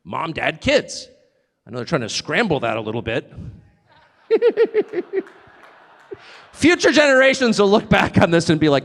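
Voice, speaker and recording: A man giving an animated, sarcastic, off-the-cuff speech to a live audience. He digresses and laughs at his own jokes. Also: high-pitched, a little slow, gravelly, long pauses. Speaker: speaker addressing a live audience abroad. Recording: long reverb of a large hall.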